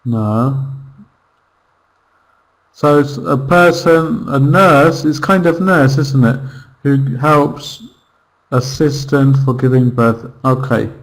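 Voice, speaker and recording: A man teaching an online English lesson, slowly repeating words and pronunciations for his students. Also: mid-range voice, rough recording.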